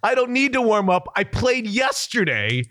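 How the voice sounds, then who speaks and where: A man with a high, bright, forceful voice tells a story on a sports podcast. He is dramatic and animated and laughs at himself. The sound is dry and close, with no room around it. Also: normal speed, no echo. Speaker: sports radio host.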